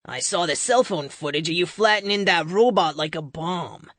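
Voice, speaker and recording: A woman voicing a brash young male speedster with a Boston accent, joking in a lower, gruff way. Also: normal speed, a bit bright, no echo, studio quality.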